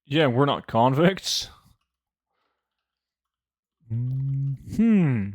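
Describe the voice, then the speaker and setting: A gold-farming game streamer chats casually with viewers over a desk microphone, joking, swearing freely and humming to himself between remarks. His medium-pitched voice is animated, with drawn-out words, and the recording is dry.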